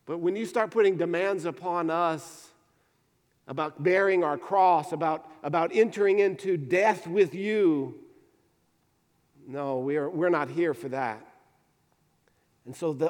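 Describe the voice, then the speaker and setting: A man's voice: on the high side, unhurried, a little mellow, long reverb tail. A male pastor preaching a sermon in a church, earnest, often repeating words as he restarts.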